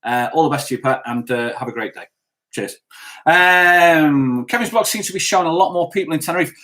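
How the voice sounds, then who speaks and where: A man's voice: on the high side, lively intonation, a little fast, bright, forceful tone. A man co-hosting a casual live stream, talking bluntly and rambling as he answers viewer comments.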